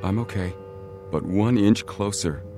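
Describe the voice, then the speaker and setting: A man's voice: on the low side, music in the background, pitched above the performer's own voice, lightly acted. A man doing a hot-headed seventeen-year-old boy. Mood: earnest. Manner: blunt, quick to anger. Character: tall blond seventeen-year-old boy, quick-tempered.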